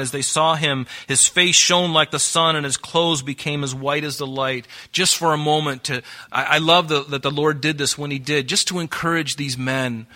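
A man preaching a sermon as pastor, animated and acting out quoted voices. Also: on the high side.

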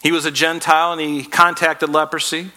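A man delivers a sermon with a bright, forceful voice that sits slightly high for a man. He tells Bible stories in a conversational, animated way, mixing scripture with casual asides. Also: brisk. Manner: animated storytelling, acting out biblical characters in casual speech. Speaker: pastor.

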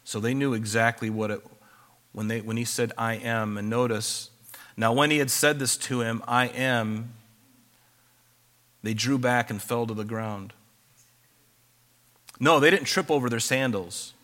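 A man's voice: medium pitch, steady tone, measured pace, long pauses, sharp tone. A man preaching a sermon, reading scripture aloud and then explaining it in a conversational way.

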